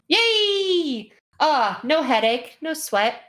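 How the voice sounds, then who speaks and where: A giggly, excitable woman plays a tabletop game. Her voice is fairly high and she speaks at an unhurried pace. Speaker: player.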